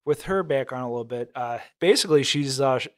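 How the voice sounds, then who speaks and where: Male podcast co-host with a mid-range voice, steady and explanatory in casual chat. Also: mid-range voice, fast. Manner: steady explaining, agreeable backchannel.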